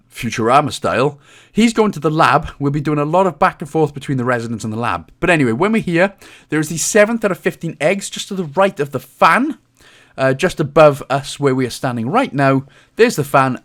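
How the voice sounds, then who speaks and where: A man's voice: a little high, a bit bright. A man with a Welsh accent giving casual gameplay walkthrough commentary, chatty and joking, with frequent "um"s as he goes. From Britain. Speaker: game walkthrough host.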